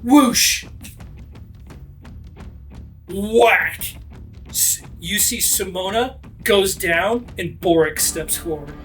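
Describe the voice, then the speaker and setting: A game master narrating a sword fight at the table, his voice pitched high for a man. He drives the action hard, bursting into sound effects, with faint music underneath. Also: unhurried, hardly any pauses. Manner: energetic, with shouted sound effects.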